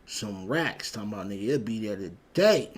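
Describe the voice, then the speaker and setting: Husky-voiced man ranting as a show host. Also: lowish voice, lively intonation, moderate pace. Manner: blunt, profane, heated, with frequent repeats. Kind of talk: casual commentary rant.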